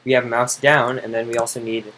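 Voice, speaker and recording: A man tutoring someone in code, impatient and teasing, explaining in quick exasperated bursts. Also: medium pitch, little pitch movement, fairly bright tone, a little hiss or hum, low-quality recording. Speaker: coding tutor. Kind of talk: casual screen-side coding help.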